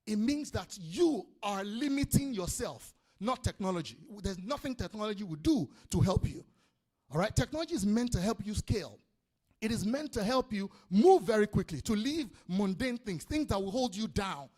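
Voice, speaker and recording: A man with a Nigerian accent giving an energetic business seminar talk, calling out to the audience and repeating his points. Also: sits high, moderate pace. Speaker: business speaker. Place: conference hall before an audience.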